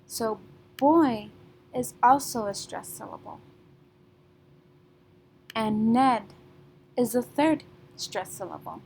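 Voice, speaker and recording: A woman teaching a class remotely, patient and methodical, often checking in with "okay?" and clearing her throat now and then. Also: on the high side, lively intonation, slow pace, long pauses, a little mellow, slight background noise, low-quality recording.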